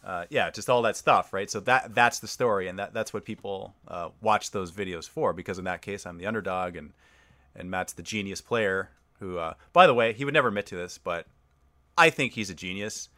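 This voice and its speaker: A man's voice: sits low, brisk, no room sound. A man hosting a podcast, talking casually and at length in a rambling way. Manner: warmly rambling, with frequent fillers and restarts. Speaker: podcast host.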